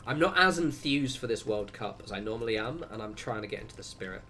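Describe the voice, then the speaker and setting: A young man streams a game, talking fast with hardly any pauses in a low-ish, expressive voice with a bright, forceful tone, and there's a little hiss or hum. His casual livestream chat rambles, full of asides to viewers and mid-sentence self-interruptions.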